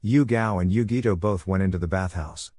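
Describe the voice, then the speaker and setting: A man narrating a fan-fiction story in an even, plain reading manner. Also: deep voice, a little fast, no room sound, clean studio sound.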